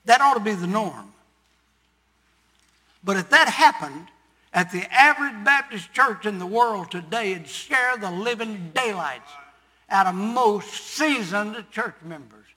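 Older man, preacher, sermon, storytelling, emphatic, bright voice, long hall reverb. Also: sits high, animated, a little slow, husky.

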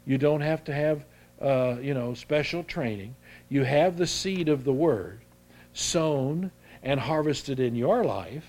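A man's voice: fairly high pitch, expressive, a little mellow. Folksy older man preaching a sermon. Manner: folksy, halting, with many restarts. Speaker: pastor.

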